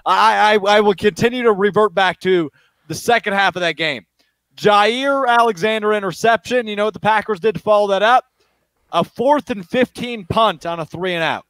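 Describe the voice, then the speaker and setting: A man hosting a post-game sports talk show, talking quickly with lots of fillers and getting worked up. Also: high voice, dry recording. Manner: fast, excited, many fillers. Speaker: show host.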